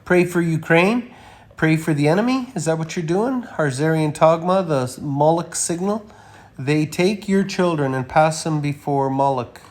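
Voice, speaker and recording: A man giving a rambling, emphatic monologue while walking through a slideshow of images, with frequent uh fillers and sudden loud stresses. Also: on the high side, measured pace. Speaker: commentator presenting images.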